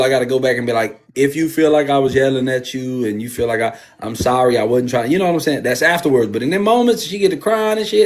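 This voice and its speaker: A man co-hosting a casual podcast, telling candid stories in an animated way about homeschooling his daughter. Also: medium pitch. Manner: candid, animated storytelling with lots of slang. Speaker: podcast co-host. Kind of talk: casual chat.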